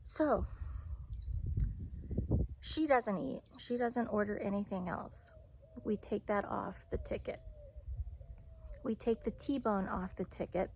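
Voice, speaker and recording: A woman's voice: mid-range voice, slight background noise. A woman who works as a restaurant server, chatting candidly through a storytime vlog outdoors in the shade. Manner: chatty, candid retelling with fillers. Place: outdoors, sitting in the shade on a hot day.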